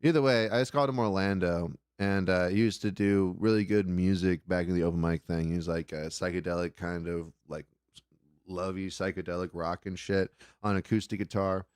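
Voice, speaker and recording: Man, profane rambling storyteller, smooth resonant voice, dry close sound. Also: low voice, fairly even intonation, a little fast, a little mellow, no echo. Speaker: comedy podcast guest. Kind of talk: casual storytelling chat.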